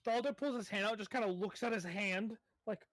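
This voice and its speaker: A man playing a tabletop game, excitable, laughing often and swearing casually. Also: high voice, brisk, dry recording. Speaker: player.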